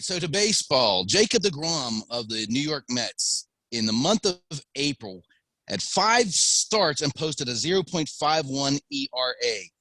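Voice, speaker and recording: Man, podcast co-host, bright lively voice, dry close mic, matter-of-fact. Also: a little high, no echo, low-quality recording. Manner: stat-heavy, matter-of-fact rundown. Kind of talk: casual sports banter.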